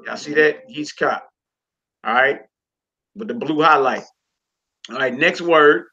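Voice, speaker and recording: A man teaching a Hebrew reading class in a relaxed, informal way, talking to students while he works the screen. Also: a little high, takes it slowly, faint music behind. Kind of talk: casual online class lesson. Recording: lo-fi recording.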